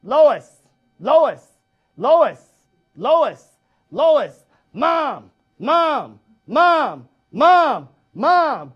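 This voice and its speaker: A man doing a high, loud impression of a whiny cartoon baby boy who repeats the same word again and again to get his mother's attention. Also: big pitch swings, very slow, lo-fi sound, soft background music, full character voice. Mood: nagging. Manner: repeating one word over and over, louder each time.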